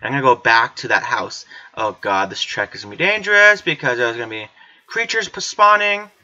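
A woman's voice: rumbling low, lively intonation, brisk, bright, forceful tone. A woman doing let's play commentary, chatty with herself and screaming and swearing whenever she gets startled. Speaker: gamer. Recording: slightly dull lo-fi recording.

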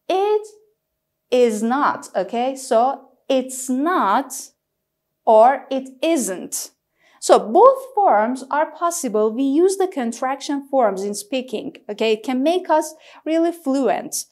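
A woman teaching an English grammar lesson, speaking deliberately and repeating each form with frequent "okay?" checks. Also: a little high, animated, darkish tone. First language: Persian.

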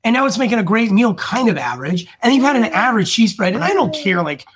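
A man on a podcast talking about pairing wine with food, casual and animated, with frequent swearing. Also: fast, a crowd in the background. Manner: animated, swearing, acts out guests in a high voice. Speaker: wine guest.

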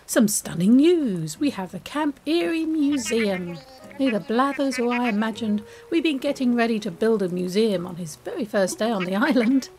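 A woman with an English accent voicing a cheerful male raccoon shopkeeper, reading his lines slowly like an announcement. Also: fairly high pitch, animated, a little mellow, soft background music, poor audio. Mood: announcing.

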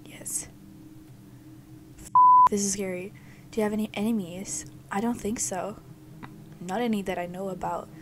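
A young woman playing a horror game alone in a dark basement, jumpy and scared, often swearing and screaming. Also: medium pitch, fairly even intonation, normal speed, long pauses, heavy background noise. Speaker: gaming video creator.

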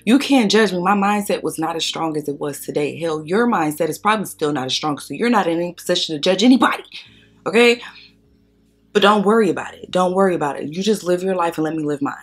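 A young woman with a low, husky voice chats through her makeup routine. She tells her story bluntly and with plenty of swearing, and she speaks straight to the people watching. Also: fast. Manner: blunt, profane, animated storytelling; talks straight to viewers. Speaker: makeup vlogger. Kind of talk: storytime chat during makeup tutorial.

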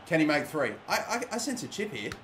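A young Australian man giving live, excitable commentary on a football video game, swearing often and shouting at big moments. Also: a little high, brisk, slight background noise. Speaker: gaming YouTuber.

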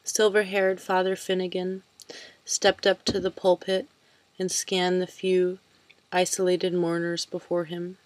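A woman calmly reading a novel aloud, unhurried, sometimes dropping to a soft whisper. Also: fairly low pitch, no room sound, rough recording. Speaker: reader.

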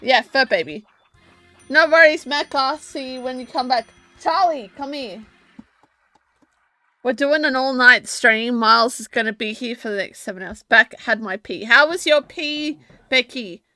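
A drunk woman streaming from home, talking loudly, rambling and giggling at a desk mic. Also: high voice, unhurried, no room sound, faint music behind. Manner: loud, rambling, laughing. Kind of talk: casual live-stream chat. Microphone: desk microphone.

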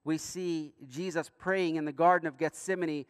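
A man preaching a sermon as pastor in a church, earnest, with emphatic rising bursts and quiet asides. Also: fairly high pitch, steady tone, moderate pace, smooth, no room sound, studio quality, in a large hall. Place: church sanctuary.

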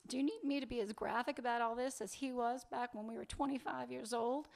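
A woman reading a sharp-tongued lover. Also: a little high, steady tone, brisk, gravelly. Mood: bitter. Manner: cutting, sarcastic and impatient. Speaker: reader of a story's dialogue. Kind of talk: live fiction reading.

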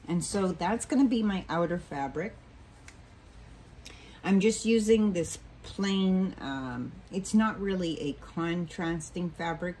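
A friendly, rambling woman walks through a home sewing project, losing her thread and correcting herself as she goes. Her voice sits a little low. A faint hiss of room noise runs under the camera mic. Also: a little mellow, poor audio. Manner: chatty and rambling, many ums and self-corrections. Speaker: sewing tutorial host. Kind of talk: casual home sewing tutorial.

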